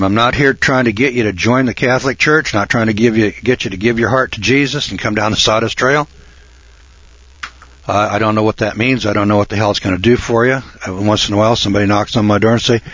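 This radio host is a man in his late sixties with a husky voice, talking in a self-assured, folksy monologue. He moves from low mutters to shouted outbursts. The lo-fi audio sounds dull and dry, with no room sound at all.

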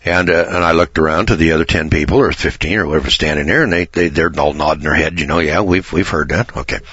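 A man telling a story in a sermon, folksy and stammering, restarting phrases and often clearing his throat. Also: rumbling low, steady tone, quick pace, a bit bright, no echo, dull audio.

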